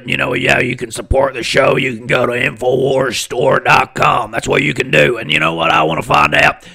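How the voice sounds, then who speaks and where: A young man doing an impression of a loud, ranting, paranoid middle-aged male conspiracy broadcaster on a home podcast mic. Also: mid-range voice, creaky, breathy edge, exaggerated voice. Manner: bellowing, rambling and paranoid.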